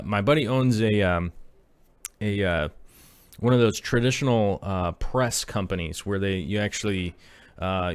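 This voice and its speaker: A man in his thirties chats casually on a live stream, wandering from point to point with plenty of ums and uhs. His voice sits fairly low and is recorded close and dry, with no room sound. He reads viewer messages aloud as he goes. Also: smooth, dry recording. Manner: rambling, filler-heavy, reads chat aloud. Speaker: aquarium channel host.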